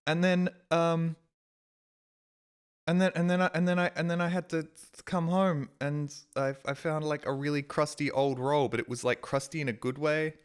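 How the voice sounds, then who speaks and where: A man streaming a game, telling rambling everyday stories and acting out his own exasperated reactions in a sudden higher voice. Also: level tone, moderate pace, clean tone. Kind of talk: casual stream chat, storytelling.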